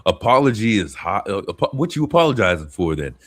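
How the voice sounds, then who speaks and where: A man's voice: fairly low pitch, big pitch swings, fast talker, a bit bright. A man hosting a casual podcast chat, blunt, profane and emphatic. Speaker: podcast host.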